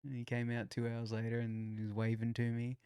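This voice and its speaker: A man's voice: medium pitch, completely flat delivery, brisk, mellow, smooth, dry recording, clean studio sound. A man co-hosting a podcast, chatting casually, laid-back, swearing and joking. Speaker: podcast co-host. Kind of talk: casual chat.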